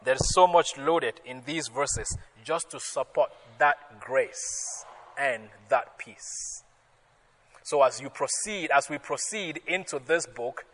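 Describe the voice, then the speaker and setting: A male pastor delivers a sermon in an unhurried, deliberate way, his voice bright and forceful. He climbs louder and higher whenever he quotes scripture. His words ring out with a long reverb, as if in a large church hall. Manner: emphatic, rises loudly on quoted scripture, chuckles with the congregation.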